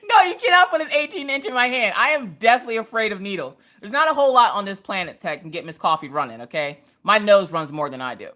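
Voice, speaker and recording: A woman hosting a casual crafting livestream, telling family stories in a lively, animated way. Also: lowish voice. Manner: lively storytelling, acting out family voices. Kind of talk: casual chat while crafting.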